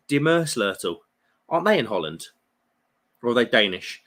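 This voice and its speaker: A man's voice: medium pitch, very animated, moderate pace, a bit bright. A man in his thirties with a British accent, chatting casually on a beer live stream and reading viewer comments, jokey and friendly. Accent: British English. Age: 30s. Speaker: beer livestream host.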